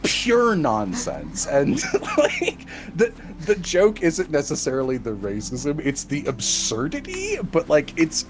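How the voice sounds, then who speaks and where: Animated laughing storyteller man. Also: a little high, slow, hardly any pauses, soft background music. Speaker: streamer and podcast co-host. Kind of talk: casual chat.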